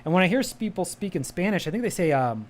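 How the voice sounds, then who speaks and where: Speaking fast in a high, very animated voice, this livestream host from the American Midwest chats casually in a home room with a cat. He still enunciates carefully, with a polished, media-style delivery.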